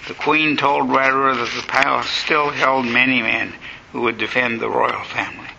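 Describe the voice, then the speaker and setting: Male lecturer with a gravelly voice telling history vividly over faint background noise. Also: medium pitch, fairly even intonation, moderate pace, dull audio. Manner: vivid storytelling, acts out quotes.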